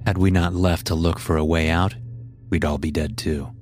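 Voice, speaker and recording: Deep-voiced man narrating a horror story. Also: fairly even intonation, darkish tone. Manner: measured, grim storytelling. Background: background music.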